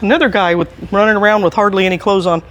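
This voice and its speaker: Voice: medium pitch, steady tone, fast talker, a bit bright. A chatty, enthusiastic staff member giving a casual walking tour indoors in a large antiques mall. They chuckle often and are recorded on a handheld camera while walking.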